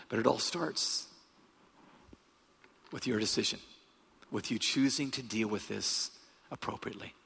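A man preaching a sermon to a congregation, telling a personal story in an animated way that swings from hushed to loud. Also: medium pitch, husky. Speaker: guest preacher. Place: large church hall. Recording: long hall reverb.

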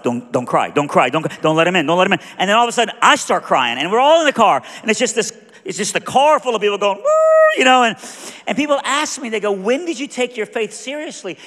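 A man preaching a storytelling sermon, acting out the people in his story and swinging from hushed to loud. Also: high voice. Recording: echoey hall with long reverb.

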